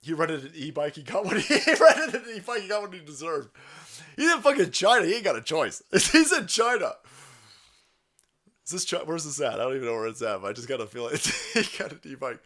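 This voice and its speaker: A middle-aged man hosts a livestream in a crude, loud rant. He keeps laughing and mimics people he mocks. His voice is bright and high, and it swings all over the place. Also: very animated, brisk. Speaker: livestream host. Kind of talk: profane rant to chat.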